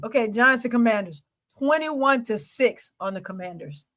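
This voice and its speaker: Playful, high-voiced woman talking football. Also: animated, normal speed, a bit bright. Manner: playful, teasing, laughs often. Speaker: sports show co-host. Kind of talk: casual sports chat.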